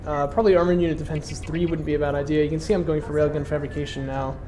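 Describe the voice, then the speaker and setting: A man's voice: fairly high pitch, little pitch movement, rapid-fire, dark tone, slight background noise. A congested man casually commentating his own strategy game match, explaining his moves with plenty of fillers.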